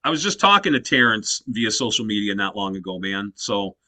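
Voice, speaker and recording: Animated storytelling man in his fifties. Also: lowish voice, fairly quick, dry recording. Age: 50s. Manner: animated storyteller, heavy use of "you know" fillers. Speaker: guest musician. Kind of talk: casual interview chat.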